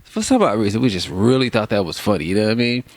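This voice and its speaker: Here a male rapper from Kansas City, Missouri spins casual, profane stories, laughing and relaxed, heavy on slang and swearing. He talks very fast in a fairly low voice, with no room sound at all.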